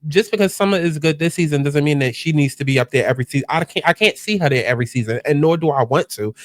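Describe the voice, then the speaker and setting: A man's voice: a little high, fast, no echo, clean studio sound. A man hosting a casual reaction commentary, chatty and exclamatory as he talks straight to his viewers. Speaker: host.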